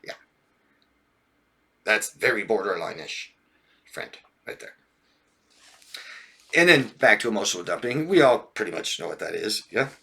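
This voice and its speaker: Bright-voiced male coach, animated. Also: lowish voice, a little slow, creaky, long pauses, breathy edge. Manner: animated, acts out friends in raised mocking voices; frequent laughs and checks like "yeah?" and "right?". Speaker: relationship coach. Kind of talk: casual talk to viewers.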